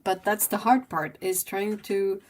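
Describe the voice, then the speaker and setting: A woman's voice: medium pitch, steady tone, a little slow, darkish tone, a little hiss or hum. A woman from French Canada, hosting a livestream and chatting casually while she paints. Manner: chatty and rambling, many fillers. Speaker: livestream host.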